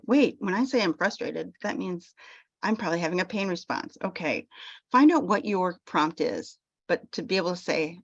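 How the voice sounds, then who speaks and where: Gentle, low-pitched woman chaplain teaching. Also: animated, dry recording. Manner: gentle, unhurried, often restarting her phrases. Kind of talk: teaching talk on self-compassion. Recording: dull lo-fi dry sound.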